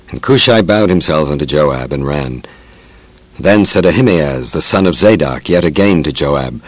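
Low-voiced man reading scripture. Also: lively intonation, dry recording, poor audio. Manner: measured, reverent. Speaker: narrator.

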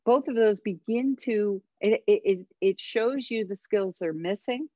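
A woman's voice: medium pitch, mellow, no room sound. Emphatic parenting coach woman, lo-fi line. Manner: emphatic, gives tips with dramatic pauses. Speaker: parenting coach and author, guest. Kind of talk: casual radio interview.

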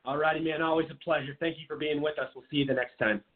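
A man's voice: a little high, fairly even intonation, very fast. A male talk show host who speaks in a blunt, indignant way. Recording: tinny phone line.

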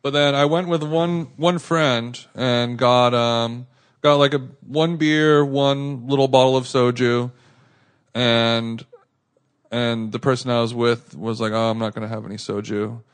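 A male podcast co-host speaks slowly in a clear, resonant, medium-pitched voice. He wanders through an animated anecdote in easygoing chat, with many restarts and quotes he acts out.

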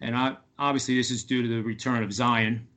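Halting male sports betting analyst. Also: mid-range voice, little pitch movement, fairly bright tone. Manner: halting, many fillers and restarts. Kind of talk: casual radio talk.

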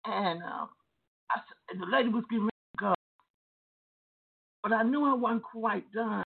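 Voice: medium pitch, moderate pace, vocal fry, slightly rough. A minister preaching a testimony, telling a story with emphatic repetition and restarts. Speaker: deliverance minister. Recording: tinny phone-like lo-fi sound.

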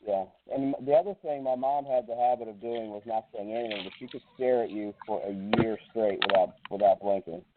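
A man's voice: on the low side, brisk, hardly any pauses, slight background noise. A man as a guest in a casual chat, easygoing and telling stories with small restarts. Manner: easygoing, storytelling, hesitant restarts. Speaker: guest, fitness pro. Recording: phone-line quality, dry.

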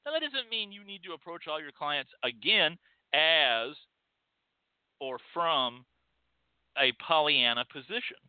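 Texan male host, animated and preachy, dry close phone-quality audio. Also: a little high, measured pace, pauses often, clear, resonant tone, no echo. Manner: emphatic, scolding, with mocking quoted voices. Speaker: podcast host. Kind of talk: opinionated monologue. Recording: tinny phone-like line.

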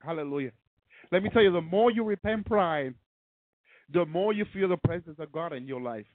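A man's voice: fairly high pitch, expressive, moderate pace, no room sound, narrow, tinny audio. A man preaching a sermon with fervor, often breaking into hallelujahs. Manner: fervent, peppered with hallelujahs.

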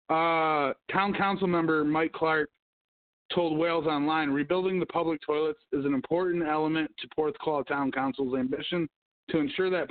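Guy ranting and cussing on his podcast, kinda high voice, phone-line tinny sound. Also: dry recording. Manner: profane, ranting, hums to himself. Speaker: podcast host. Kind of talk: casual livestream rant.

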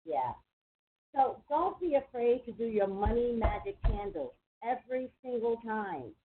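A woman's voice: a little high, very animated, a little hiss or hum. Woman psychic call-in host, chatty and emphatic, tinny phone-line sound. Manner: chatty, emphatic, quick asides. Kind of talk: casual call-in talk.

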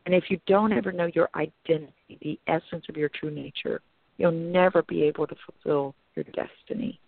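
A woman pastor tells a story with earnest intensity, acting out her own thoughts along the way. Her voice has a gravelly edge. It comes through a thin, tinny phone line with no room sound. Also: low-pitched, a little fast, dry recording. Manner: earnest, dramatic retelling with quoted inner thoughts. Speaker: pastor and author guest. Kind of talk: emotional personal storytelling turning into preaching.

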